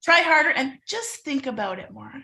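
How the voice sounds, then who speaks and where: A middle-aged woman from Canada tells a story to a webinar audience with a high, bright voice. She brings the story to life by acting out the people in it. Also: normal speed, vocal fry. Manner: animated storyteller who acts out voices. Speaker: webinar presenter.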